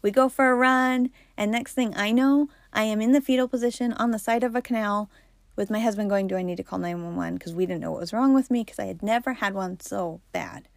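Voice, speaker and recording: A woman's voice: on the high side, a little fast, no echo. Candid chatty woman, dry close sound. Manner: candid, chatty, laughs often. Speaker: podcast host. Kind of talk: personal storytelling talk.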